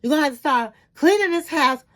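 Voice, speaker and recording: A woman's voice: high-pitched, lively intonation, fairly quick, fairly bright tone. A woman voicing a fed-up husband who lectures his wife in an exasperated way while she recaps a TV episode.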